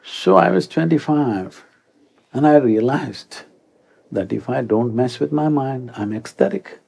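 A man in his sixties, a spiritual teacher, giving an animated speech to a young audience and often prompting listeners with rhetorical asides. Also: medium pitch, a little slow, vocal fry, husky. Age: 60s.

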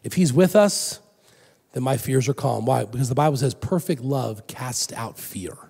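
A middle-aged man preaching a sermon as pastor in a church, animated, swinging from loud emphatic lines to soft hushed ones. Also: mid-range voice, vocal fry, husky. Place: church sanctuary. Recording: long hall reverb.

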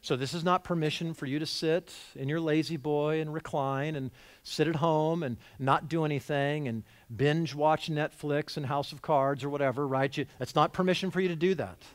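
A middle-aged pastor delivers a sermon with lively energy, voicing the people he quotes and swinging from loud emphasis to near hushes. His voice sits a little high for a man, and the sound is close and dry with hardly any room around it. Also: moderate pace, no room sound. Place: church sanctuary.

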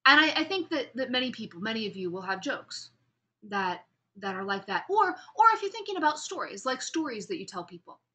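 Upbeat instructor, woman, bright and slightly high voice, chatty lecture with restarts. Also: sing-song, fairly quick. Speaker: public speaking instructor. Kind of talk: recorded class lecture.

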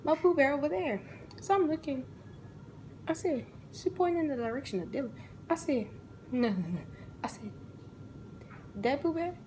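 Young adult woman, casual storytime vlog, animated, acts out each character. Faint noise. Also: high-pitched, normal speed, long pauses, low-quality recording.

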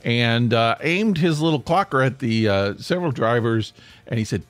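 A man hosting a casual solo podcast, hoarse with his voice nearly gone, rambling and grumpy in a joking way. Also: mid-range voice, lively intonation, normal speed, no room sound, soft background music. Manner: rambling, self-interrupting, grumpy humor. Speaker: podcast host. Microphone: podcast microphone.

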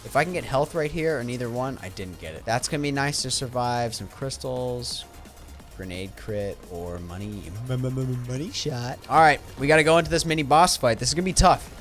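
Young man, gaming commentary, excitable, chatty, faint game music behind. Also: mid-range voice, fairly quick. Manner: excitable, chatty, swings between loud hype and muttering. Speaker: gaming YouTuber. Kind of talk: casual gameplay commentary.

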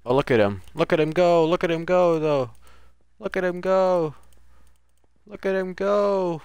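A man's voice: fairly high pitch, normal speed, vocal fry, a little mellow, clean tone, no echo, studio quality. A man streaming a video game, commenting live with casual, profane trash-talk at other players.

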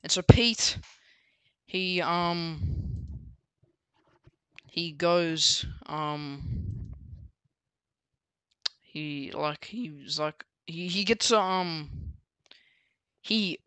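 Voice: mid-range voice, very slow, long pauses, a bit bright, clean tone, no echo. A book reviewer casually recapping a story, rambling with many fillers and restarts.

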